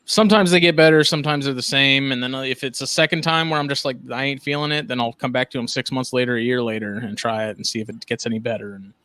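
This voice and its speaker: Bright, dry-sounding man chatting casually. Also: medium pitch, steady tone, fast talker, few pauses, dry recording. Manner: easygoing, rambling, blunt opinions. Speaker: podcast co-host, cigar seller. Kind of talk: casual chat.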